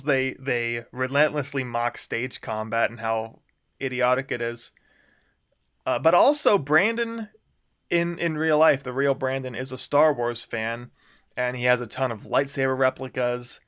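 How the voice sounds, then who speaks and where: A man's voice: medium pitch, a bit bright. Chuckling man rambling about his writing. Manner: chuckles often, loose and rambling with fillers. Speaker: author discussing his own story. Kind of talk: casual commentary on his own writing.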